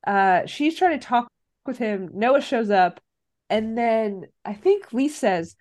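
A woman's voice: on the high side, expressive, slow pace, darkish tone. A woman casually recapping a teen movie plot on a podcast, acting out the characters' lines. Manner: recounts plot animatedly, acts out lines. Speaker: podcast co-host.

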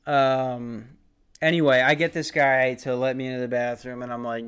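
Smooth-voiced rambling young podcaster. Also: male voice, medium pitch, flat delivery, normal speed, a bit bright. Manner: rambling, profane, self-mocking. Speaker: podcast host. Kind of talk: comic podcast storytelling.

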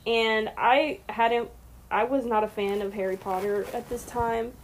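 A woman in her twenties co-hosting a podcast, talking softly and hesitantly with trailing fillers. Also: fairly high pitch, steady tone, a little slow. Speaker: podcast co-host. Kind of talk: casual chat.

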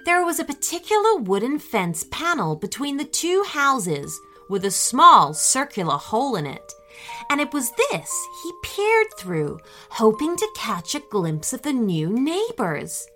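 Slow, bright-voiced woman storyteller. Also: high voice, soft background music. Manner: gentle, expressive, unhurried reading. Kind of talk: children's storybook narration.

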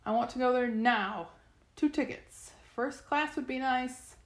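A bold, cheeky young girl adventurer, as a woman reads her aloud, her voice lifted high and bright above the narration. She sounds eager and a little demanding. The audiobook is recorded in an echoey room. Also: a little slow, creaky. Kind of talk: audiobook character voice.

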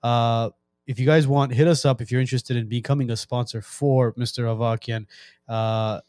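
A man's voice: medium pitch, fairly even intonation, moderate pace, darkish tone, no echo. A man hosting a podcast, upbeat and casual, making announcements with frequent "uh" fillers. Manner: upbeat, with many "uh" fillers while reading announcements. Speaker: podcast host.

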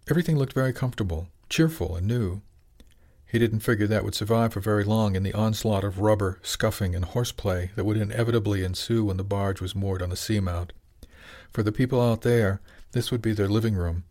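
Low-voiced male audiobook narrator. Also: darkish tone. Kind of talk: scripted narration.

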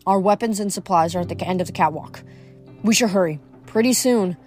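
A woman's voice: medium pitch, brisk, darkish tone, soft background music, close to an everyday voice. A woman voicing a brave, determined teenage girl in an audiobook, urgent and defiant. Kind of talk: audiobook character reading.

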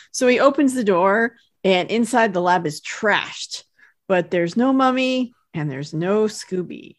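Woman telling a cartoon plot in a relaxed podcast chat, mid pitch, dry close sound. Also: measured pace, no echo. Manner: steady storytelling recap, dry humor, lifts her pitch for quoted characters. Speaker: podcast co-host recapping a cartoon. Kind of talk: casual chat.

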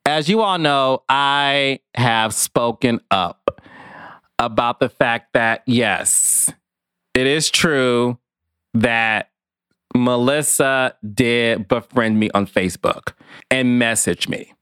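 A middle-aged man giving chatty, expressive reality-TV commentary, with sassy asides. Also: medium pitch, slow pace, clear, resonant tone, dry recording, clean studio sound. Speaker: commentator, former field producer. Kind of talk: casual reality-TV commentary to camera.

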